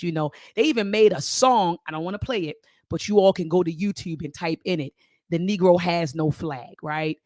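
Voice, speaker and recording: A middle-aged woman hosting a live-stream commentary show, talking to her viewers as family, lively and repeating her phrases. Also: on the low side, fairly quick, dry recording, studio quality. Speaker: host.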